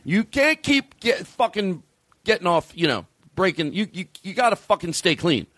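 A man hosting a podcast in a studio, with a high, bright voice that leaps all over the place. He swears freely and gets excitable, sometimes bursting into shouts. The sound is close and dry. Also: normal speed, dry recording. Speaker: podcast host. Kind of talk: casual studio chat. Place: recording studio.

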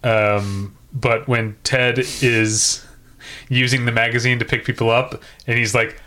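A man's voice: medium pitch, little pitch movement, sharp tone. Chatty man recapping a sitcom. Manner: chatty, quick to laugh, quotes lines. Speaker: podcast co-host. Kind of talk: casual TV recap chat.

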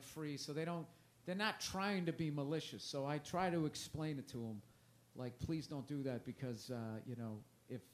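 Rambling man, slightly high voice. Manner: rambling, self-deprecating, trails off and restarts. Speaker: stand-up comedian guest. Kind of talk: casual interview chat. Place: comedy festival interview.

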